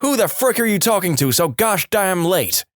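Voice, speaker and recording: A furious mother shouting down her teenage son, pitched high and harsh, as a man puts her on in a storytime narration. The voice sits well above his usual speaking pitch and stays in constant scolding. The recording is close and dry. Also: sing-song, normal speed, no room sound. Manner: yelling, scolding. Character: angry shouting middle-aged mother.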